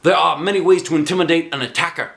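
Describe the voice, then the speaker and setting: Man playing a showy self-defense teacher, loud, booming, high and lively, bright tone. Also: quick pace, creaky. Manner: loud, booming, shouts battle cries. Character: showy male self-defense teacher, action-hero wannabe.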